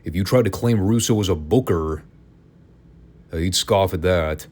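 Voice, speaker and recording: A man with a notably deep, low voice hosts a casual podcast review. He talks in an opinionated, sarcastic way, tossing in wry asides as he goes. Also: unhurried, long pauses, darkish tone. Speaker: podcast host. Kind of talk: casual wrestling review commentary.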